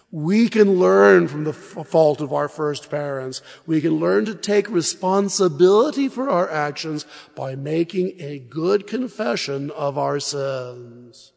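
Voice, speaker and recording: Gravelly-voiced preacher telling lively stories. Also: male voice, a little high, measured pace, long reverb tail. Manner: animated storytelling with humor. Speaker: priest preaching a parish mission. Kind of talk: sermon.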